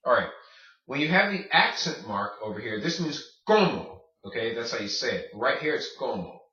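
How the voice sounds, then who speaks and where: A man teaching a recorded Spanish pronunciation lesson, saying words slowly and repeating them. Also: medium pitch, animated, bright, forceful tone. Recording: echoey room, distant dull mic.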